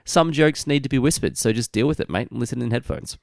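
A man's voice: mid-range voice, quick pace, creaky, darkish tone, no room sound, clean studio sound. A man co-hosting a podcast in casual chat, laid-back and understated, sounding congested and nasal. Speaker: podcast co-host.

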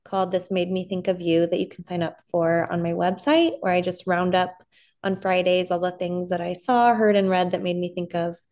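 A woman in her thirties, a therapist guesting on a podcast, speaking in a calm, gentle way. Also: on the low side, normal speed. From Southern California. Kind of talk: casual interview chat.

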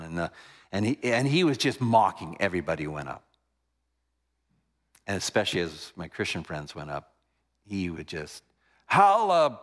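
A middle-aged man preaching a sermon, telling a personal story with lively energy that drops to hushed tones at moving moments. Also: sits low.

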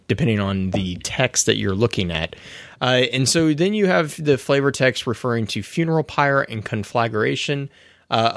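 A man's voice: mid-range voice, gravelly, fairly bright tone, no echo. Man chatting in a dry room. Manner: rambling, many fillers and explanatory asides. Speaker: podcast co-host. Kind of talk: casual gaming podcast chat.

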